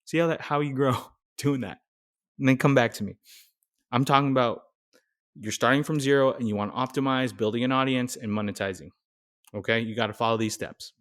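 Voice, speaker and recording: Energetic man coaching new creators. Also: mid-range voice, a little fast. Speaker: nurse content creator. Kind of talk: casual how-to talk.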